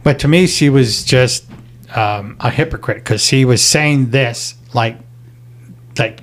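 A man's voice: mid-range voice, slow. A man co-hosting a casual podcast, arguing his opinions about a reality show. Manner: opinionated, argues his view. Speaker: podcast co-host.

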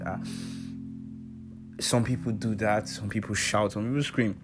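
A man's voice: fairly low pitch, fairly even intonation, moderate pace. A young man with a Nigerian accent giving personal advice in a casual, heartfelt monologue, earnest and emphatic, repeating phrases for stress. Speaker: vlogger sharing personal advice. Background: soft guitar music.

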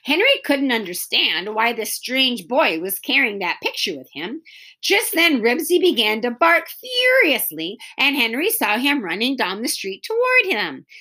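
A woman reads a children's story aloud in a bright, fairly high voice. Her delivery is animated, rising and falling through each sentence to keep young listeners engaged. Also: a little slow. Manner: expressive storybook reading. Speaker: narrator. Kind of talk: reading a children's book aloud.

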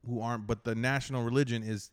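Smooth-voiced laid-back guy. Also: mid-range voice, fairly even intonation, fast. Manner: loose, slangy, cursing, says "bro". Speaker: podcast guest. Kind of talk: casual chat.

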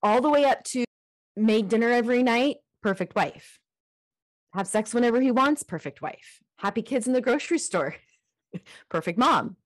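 Animated woman with a dry, close sound. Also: on the high side, normal speed, no room sound. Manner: animated storyteller, emphatic, emotional. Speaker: podcast co-host. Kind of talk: casual podcast conversation.

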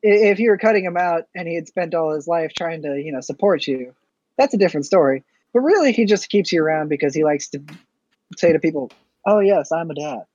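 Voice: mid-range voice, lively intonation, fast talker, darkish tone, no room sound. A podcast co-host in casual chat, blunt and playful, swearing in friendly banter. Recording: slightly dull, dry lo-fi sound.

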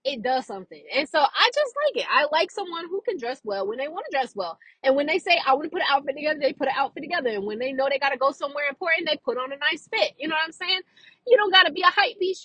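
A woman's voice: high-pitched, pushed and bright, dry recording, poor audio. A young woman, chatting animatedly to camera, full of fillers and laughs. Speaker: vlogger. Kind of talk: casual chat to camera.

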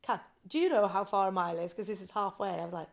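A woman guest on a podcast, telling her swim story with animated quoted voices. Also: medium pitch, fast, vocal fry. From Britain. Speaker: guest, ice swimmer. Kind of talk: casual interview storytelling.

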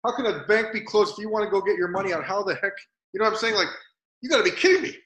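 A man's voice: high-pitched, very fast, fairly bright tone. A man speaking as a guest in a casual chat, rambling and full of filler words. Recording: roomy echo.

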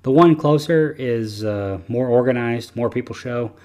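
A man's voice: medium pitch, unhurried, a little mellow. A man hosting a casual podcast chat, rambling and easygoing with lots of fillers. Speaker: podcast host.

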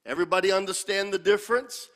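High-voiced man preaching in a reverberant hall. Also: quick pace, a bit bright. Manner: calls for congregation responses; repeats key words for emphasis. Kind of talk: sermon teaching with scripture.

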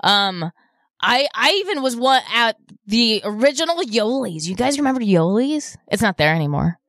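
A woman's voice: fairly high pitch, animated, normal speed, fairly bright tone, no echo. A woman hosting a live radio shopping show from a studio mic, bubbly and cooing over the deals as she reads them out. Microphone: studio microphone.

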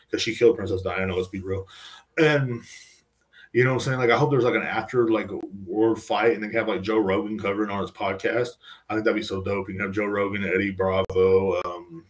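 A man's voice: on the low side, poor audio. An American man hosting a podcast alone, ranting in a loose, profane, rambling way and tagging lines with "you know what I'm saying.". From United States. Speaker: podcast host. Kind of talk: casual solo podcast monologue.

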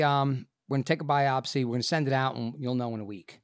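A man, an actor and podcast guest, telling a personal story in a casual, animated and profane way, acting out the people in it. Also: medium pitch, fairly quick, dry recording, clean studio sound.

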